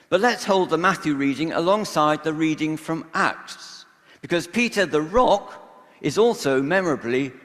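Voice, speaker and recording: A vicar giving a measured, reflective sermon in a church, pausing often between phrases. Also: male voice, fairly high pitch, a bit bright. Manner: measured, reflective preaching with pauses. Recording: long church reverb.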